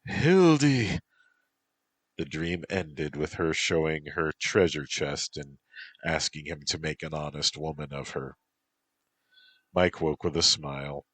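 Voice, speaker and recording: A man narrating a story in a slow, even reading voice. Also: a bass voice, no echo.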